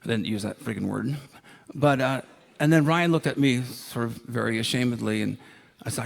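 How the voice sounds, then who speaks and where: Man in his sixties from Ohio, conference speaker, chatty anecdotal storyteller, mid-pitched. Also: normal speed, gravelly. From Ohio, United States. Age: 60s. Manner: anecdotal, enthusiastic, with many fillers. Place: conference ballroom.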